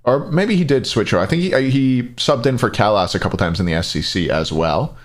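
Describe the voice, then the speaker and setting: Man, casual esports stream host, lively up-and-down pitch, chatty and relaxed, answers chat. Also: a little fast.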